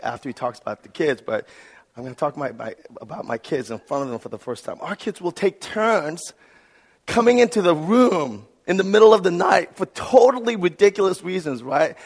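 A man in his thirties preaching a sermon, telling family stories and acting out the voices in them. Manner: storytelling, acts out quoted voices with big pitch jumps. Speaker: pastor.

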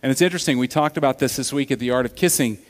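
A man preaching a sermon, telling stories in an animated way that swings from loud to hushed. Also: medium pitch, racing. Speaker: pastor. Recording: long reverb of a large hall.

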